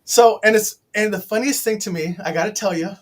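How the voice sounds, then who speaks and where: A man's voice: sits high, a little fast. A man hosting an interview show, rambling and teasing in a casual chat with his guest. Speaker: host.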